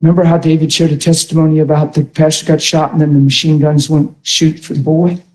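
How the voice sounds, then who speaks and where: A man preaching a sermon with passion, often shouting and repeating himself. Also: a little high, little pitch movement, fairly quick.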